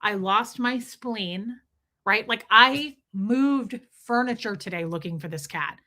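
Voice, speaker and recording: A middle-aged woman streaming live, chatting to her viewers and telling a story with deadpan, animated quotes. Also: mid-range voice, slow pace. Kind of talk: casual storytelling to a live chat.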